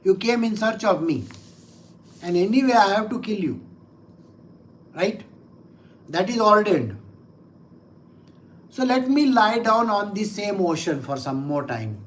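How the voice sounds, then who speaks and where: A man's voice: high-pitched, lively intonation, measured pace, pauses often, poor audio. A man teaching scripture, reading passages aloud and explaining them in a conversational way with chuckling asides. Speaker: spiritual teacher.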